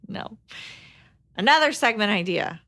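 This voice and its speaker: A woman's voice: medium pitch, expressive, a little slow, bright, forceful tone, no room sound. A woman co-hosting a podcast, chatty and giggly, reading out listener questions. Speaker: podcast co-host. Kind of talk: casual chat, reading listener letters.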